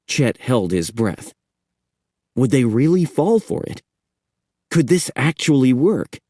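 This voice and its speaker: A man narrating a horror audiobook in a measured storytelling manner. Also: mid-range voice, sing-song, dark tone, no echo, studio quality.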